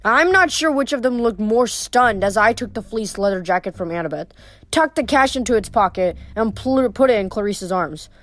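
A woman reading a novel aloud in steady narration, with occasional small slips. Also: a little high, normal speed. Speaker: reader.

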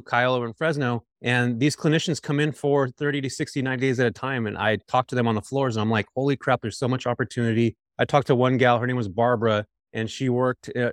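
A man's voice: medium pitch, steady tone, fast talker, few pauses, no room sound, clean studio sound. A middle-aged man from California, a guest on a podcast interview, talking casually and energetically straight to the listeners. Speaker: podcast guest, midterm rental investor.

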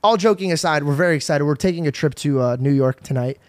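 A man hosting a podcast, talking in an excitable, rambling way and swearing often. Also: fairly high pitch, quick pace, dry recording. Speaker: podcast host. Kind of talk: casual chat.

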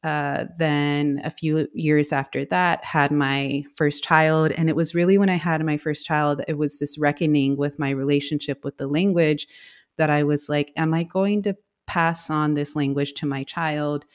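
A woman in her forties from the United States speaks as an interview guest. Her low voice moves in a reflective, unhurried way, with frequent fillers and soft laughs between thoughts. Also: fairly even intonation. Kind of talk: conversational interview.

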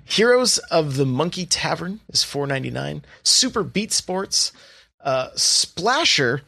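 A man's voice: a little high, very animated, measured pace, creaky, bright, forceful tone, slightly rough, no echo. A man hosting a casual podcast, reading off sale prices with lots of fillers and chat. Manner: chatty, reads sale prices with many fillers. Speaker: podcast host.

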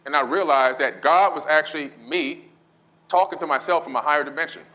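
A man's voice: on the high side, a little fast, sharp tone, poor audio. A man in a casual podcast conversation, explaining his views in a thoughtful, storytelling way. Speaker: podcast guest.

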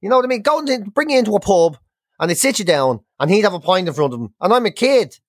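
An Irish podcast co-host in their forties tells profane, ranting stories at a fast pace. The swearing comes freely within casual back-and-forth chat. The sound is dry and close, with no room echo. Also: mid-range voice, sing-song.

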